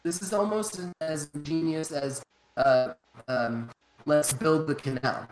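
A man's voice: a little high, a little slow, rough recording. A man co-hosting a stream over an online call, chatting casually, laughing often and swearing while joking around. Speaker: streamer, co-host. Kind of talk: casual chat. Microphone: online call mic with audio glitches.

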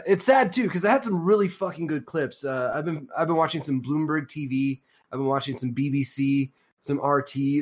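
A man hosting a loose podcast chat, his voice sitting a little higher than most men's. He rambles through fillers and restarts with a sarcastic, profane edge. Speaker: podcast co-host.

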